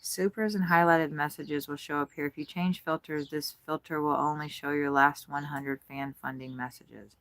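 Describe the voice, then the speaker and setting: A woman's voice: deep voice, fairly even intonation, moderate pace, hardly any pauses, fairly bright tone, no echo. A woman chatting casually as she watches birds at her feeders, giggling and swearing freely as she goes. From United States. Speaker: bird-watching vlogger. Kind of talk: casual running commentary. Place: RV at a campground.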